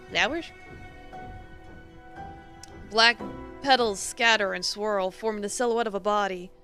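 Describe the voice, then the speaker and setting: A woman streamer reading a horror visual novel aloud in a theatrical way, swinging between hushed and emphatic lines. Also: medium pitch, measured pace, long pauses, faint music behind.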